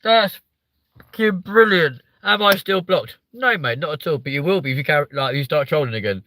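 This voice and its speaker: Blunt, sweary English streamer. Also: male voice, fairly high pitch, expressive, quick pace, bright, forceful tone, no echo. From England. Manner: blunt, sweary, reads chat aloud. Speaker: live stream host. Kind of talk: casual live stream chat.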